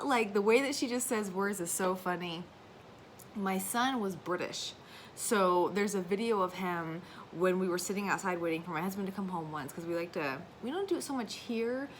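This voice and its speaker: A woman's voice: mid-range voice, a bit bright, slight background noise, poor audio. A woman in her thirties chatting casually to her viewers about her family and her stitching, rambling and laughing as she goes. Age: 30s. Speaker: craft vlogger. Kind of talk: casual chat.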